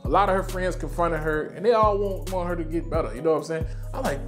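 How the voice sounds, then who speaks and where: A man talking casually and excitedly as he reviews a TV show, full of slang and swearing. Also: fairly high pitch, fast talker, faint music behind.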